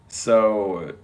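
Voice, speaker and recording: A man giving a casual tarot reading, talking bluntly and joking with frequent swearing. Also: lowish voice. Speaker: tarot reader.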